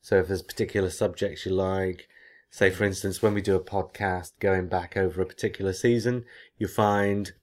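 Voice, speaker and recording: An English man with a low, steady voice hosts a podcast at a normal speed. He chats casually and reads listener mail, explaining at length in rambling fashion with many restarts.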